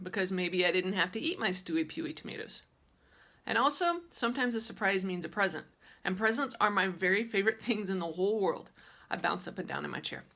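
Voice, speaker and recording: Gravelly woman reading a kids' book. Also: medium pitch, brisk. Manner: lively, childlike storytelling. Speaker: audiobook reader. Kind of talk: children's audiobook narration.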